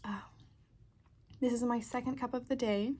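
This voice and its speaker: A woman with a somewhat high voice talks casually to her camera as a beauty vlogger. She is relaxed and chatty, with frequent ums, recorded indoors by a window. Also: normal speed, a little hiss or hum. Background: fan running.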